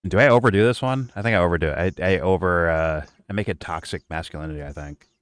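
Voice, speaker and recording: A low-voiced man riffs through a stream reaction, swearing freely and trash-talking with a grin. His voice sits close and dry, with no room sound around it. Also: quick pace, clean tone, dry recording. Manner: profane, joking trash talk. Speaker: stream co-host reacting to a clip. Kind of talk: casual reaction commentary.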